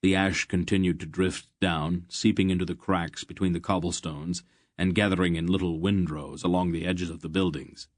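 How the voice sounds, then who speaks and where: A man reading a fantasy audiobook in a measured, steady narration. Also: sits low, no room sound, studio quality.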